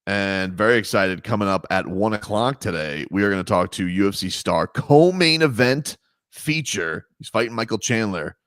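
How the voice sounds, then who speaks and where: A man's voice: lowish voice, lively intonation, moderate pace, fairly bright tone, no room sound, studio quality. A man hosting a sports radio show, chatting loosely and joking with lots of fillers. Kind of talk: casual sports radio chat.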